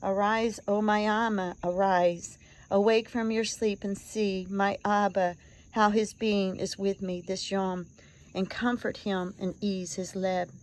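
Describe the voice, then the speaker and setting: A woman's voice: medium pitch, level tone, measured pace, lightly acted. Woman voicing a weeping young man pleading. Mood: pleading lament. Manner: pleading, tearful, lamenting. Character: grieving young man weeping at his mother's grave.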